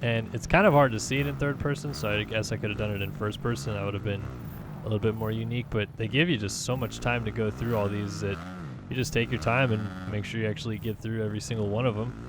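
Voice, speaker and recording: A man from California giving relaxed, chatty commentary over his racing game, thinking aloud with lots of fillers. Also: fairly low pitch, fast talker, noisy background. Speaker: gaming channel host. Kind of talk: casual gameplay commentary.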